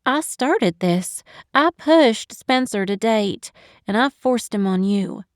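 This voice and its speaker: A woman's voice: a little high, expressive, takes it slowly, no echo, clean studio sound. Woman voicing a doting older matchmaker. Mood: consoling. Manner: coaxing, affectionate, calls everyone darling. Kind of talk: audiobook narration.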